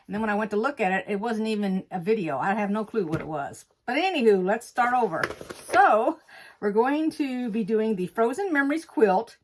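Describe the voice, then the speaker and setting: This casual sewing tutorial features a quilting channel host explaining, one step at a time, how to cut fabric, chatting folksily and correcting herself along the way from her sewing table at home. Her voice is on the high side and expressive, at normal speed, and she sounds a bit breathless.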